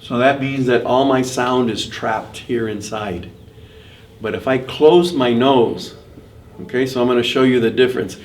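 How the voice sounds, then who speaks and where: An older man giving a vocal workshop, demonstrating his technique by switching between nasal and clear tones. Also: medium pitch, unhurried. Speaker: mariachi vocal instructor. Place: school room during workshop. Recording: distant mic with faint room noise.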